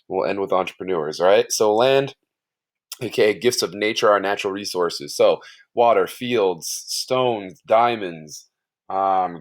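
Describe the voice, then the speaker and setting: A young man with a low voice teaches in a relaxed, slangy way. He talks to the class casually and keeps checking in with "right?" as he goes. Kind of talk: casual recorded lecture.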